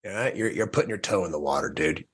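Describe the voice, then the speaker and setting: A man with a low, breathy-edged voice tells his own story as a podcast guest. He talks earnestly and in fits and starts, often restarting a thought mid-sentence. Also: fast. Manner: earnest, restarts sentences, animated when quoting. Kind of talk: personal storytelling in a podcast conversation.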